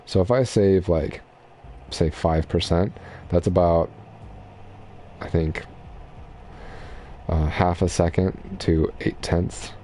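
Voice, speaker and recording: A man's voice: sits low, takes it slowly, long pauses, a little hiss or hum. A young man giving casual, chatty commentary while streaming a racing game. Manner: relaxed, chatty, explaining racing strategy.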